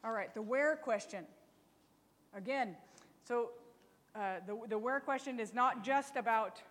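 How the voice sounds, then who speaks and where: A woman's voice: fairly high pitch, measured pace, in a large hall. A woman teaching a Bible study lesson in a chatty, teasing way, often asking rhetorical questions.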